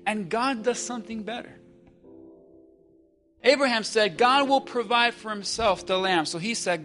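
A man preaching a sermon, moving from hushed, slow passages to loud call-and-response with the congregation. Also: sits high, faint music behind. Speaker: pastor.

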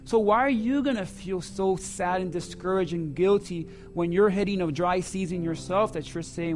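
A man preaching a sermon to his church, swinging between loud emphasis and hushed asides. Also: high voice, normal speed, soft background music. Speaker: pastor.

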